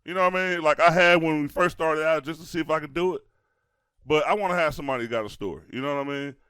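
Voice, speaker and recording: A man hosting a podcast, excitable and laughing a lot, with heavy slang. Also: on the high side, fast talker, clear, resonant tone, dry recording, clean studio sound. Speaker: podcast host. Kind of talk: casual podcast chat.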